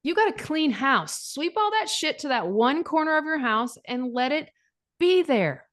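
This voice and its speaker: Woman, 40s, divorce coach; emphatic, blunt, salty language, voice on the higher side. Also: big pitch swings, normal speed, a bit bright. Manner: blunt, swears freely, emphatic. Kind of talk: casual podcast chat.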